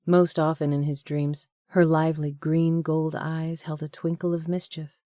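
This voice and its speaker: Low, warm-voiced woman narrating a romance. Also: flat delivery, moderate pace, dry recording, clean studio sound. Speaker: audiobook narrator. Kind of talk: scripted narration.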